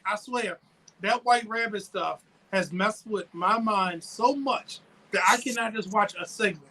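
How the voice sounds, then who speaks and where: A man co-hosting a wrestling podcast in casual chat, telling animated stories and acting out his own reactions. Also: sits high, a little slow, rough recording. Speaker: podcast co-host.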